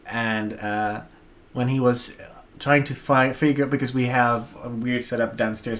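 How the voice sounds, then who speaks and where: A young Dutch man, Dutch his first language, co-hosting a casual livestream and rambling with many restarts. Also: mid-range voice. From Netherlands. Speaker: vlog co-host.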